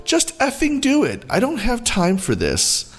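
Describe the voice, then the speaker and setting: A man's voice: extremely high pitch, wildly swooping pitch, measured pace, a bit bright, faint music behind, pitched above the performer's own voice, exaggerated voice. A man voicing a rude, impatient entitled mother who snaps, swears and makes demands, in a storytelling video. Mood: impatient, snapping.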